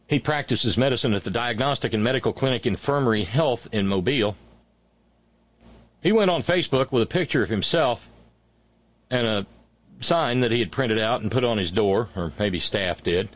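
A man's voice: mid-range voice, moderate pace. A man hosting a political talk show, ranting angrily and sarcastically with profanity and stammered restarts.

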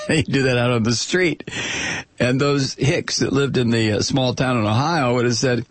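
Man, political commentator, rambling, profane, husky voice, dry sound. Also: medium pitch, normal speed, no echo. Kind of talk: angry political commentary monologue.

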